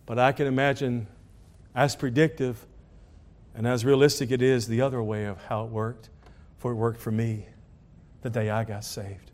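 A man preaching a sermon, telling a story dramatically and swinging from hushed tones to loud calls. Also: medium pitch, steady tone, moderate pace, long pauses. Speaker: pastor.

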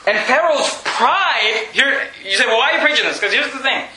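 A man preaching a sermon as pastor, animated, often repeating words and acting out quotes with sudden loud lines. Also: extremely high pitch, moderate pace, roomy sound, low-quality recording.

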